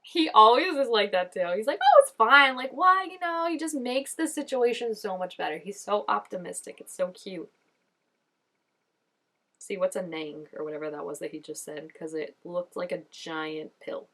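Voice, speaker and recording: A woman giving casual reaction commentary on a TV episode. She gushes and chats, fills her talk with "like" and "oh my gosh", and jumps up in pitch when excited. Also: normal speed. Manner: gushing and chatty, full of "like" and "oh my gosh". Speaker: show reaction vlogger.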